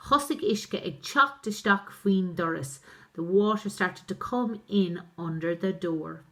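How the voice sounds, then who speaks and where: Reading a story for her class, this woman teacher translates every phrase into simple language as she goes. Her voice is fairly low yet fairly bright in tone, and she keeps a measured pace.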